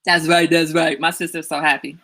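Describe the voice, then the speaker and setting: A woman's voice: low-pitched, flat delivery, a little fast, sharp tone. A woman hosting a casual livestream, chatting and telling stories with lots of animation and laughter. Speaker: livestream host. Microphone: webcam or phone on a live stream.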